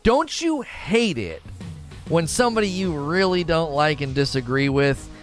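Animated, exasperated male gaming host. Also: on the high side, a little slow, soft background music. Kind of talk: opinionated gaming commentary.

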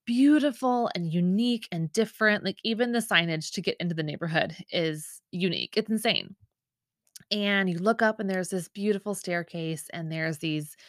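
A woman's voice: fairly low pitch, a bit bright, dry recording. Woman in her 30s podcasting, casual rambly story chat, lots of um and like, dry sound. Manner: chatty and emotional, many fillers and asides. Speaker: podcast host.

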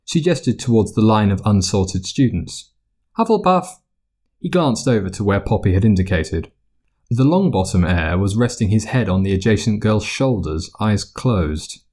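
Man reading a story aloud, lively intonation. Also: lowish voice. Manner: expressive storytelling. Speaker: narrator. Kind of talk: audiobook reading of fiction.

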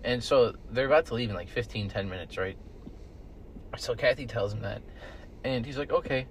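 A young man co-hosting a casual podcast, rambling through stories, swearing often and shouting the lines he quotes. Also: medium pitch, normal speed, a little hiss or hum. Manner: rambling storyteller, swears a lot, loud bursts when quoting. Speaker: podcast co-host. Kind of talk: casual chat. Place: in a car with friends.

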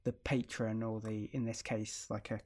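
A man's voice: on the low side, level tone, moderate pace, darkish tone. A man chatting casually about a TV show, thoughtful and hedging as he searches for words. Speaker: podcast co-host.

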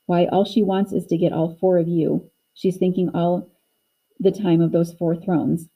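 A woman's voice: lowish voice, level tone, dark tone, husky, poor audio. A woman voicing Missus Beaver, a practical, motherly talking beaver who reasons things through. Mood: urgent. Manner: brisk, reasoning.

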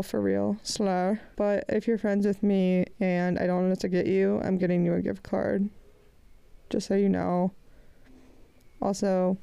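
A young woman hosting her podcast alone, talking in a loose, rambling way full of fillers. Her voice is raspy and gravelly from a head cold, with a dark, mellow tone. The sound is smooth, close and dry. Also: medium pitch, dry recording. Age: 20s. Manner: rambling, chatty, frequent "like" fillers, laughs often. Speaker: podcast host. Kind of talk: casual solo podcast chat.

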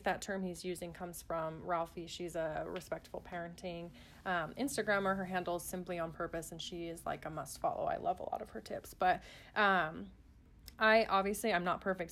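A woman's voice: lowish voice, fairly bright tone. Chatty woman talking about parenting. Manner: chatty, earnest, many fillers and restarts. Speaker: parent guest on a podcast. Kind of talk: casual chat.

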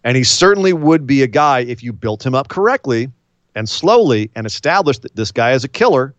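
Animated man on a dull dry podcast mic. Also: mid-range voice, dry recording. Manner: animated, laughs often, quick asides. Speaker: podcast host. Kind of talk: casual wrestling chat.

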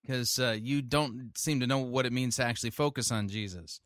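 A man's voice: medium pitch, brisk, fairly bright tone. A man interrupting a sermon clip with dry, sarcastic, scolding commentary. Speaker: podcast host critiquing a sermon. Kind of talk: sardonic commentary.

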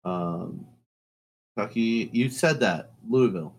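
Low-voiced man cursing his wrong guesses. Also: takes it slowly. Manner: guessing aloud, swearing at misses. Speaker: podcast co-host. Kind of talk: casual chat.

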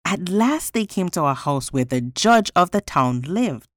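A woman reading a folktale aloud as a storyteller, expressive and sing-song. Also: fairly low pitch, a little slow, no room sound, studio quality.

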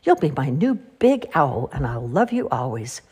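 A woman reading aloud and voicing a playful mother owl who teases in a sing-song, gently exaggerated way. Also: rumbling low, big pitch swings, a little slow, husky, full character voice. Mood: loving.

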